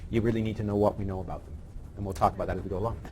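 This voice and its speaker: A man's voice: fairly low pitch, fairly even intonation, very fast, dark tone. Man lecturing a class, teasing and conversational, faint room noise. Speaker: lecturer on evidence-based medicine. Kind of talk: live teaching session with banter.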